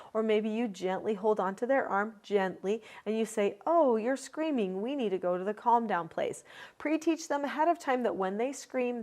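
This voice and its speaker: A woman parenting coach giving calm, instructive advice straight to parents in a video lesson. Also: mid-range voice.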